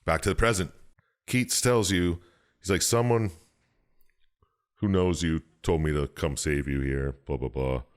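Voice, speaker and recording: A man co-hosting a podcast, rambling through a game's plot with swearing and jumping into high put-on voices for the characters. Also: steady tone, normal speed. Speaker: podcast co-host. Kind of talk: casual chat, recapping a game plot.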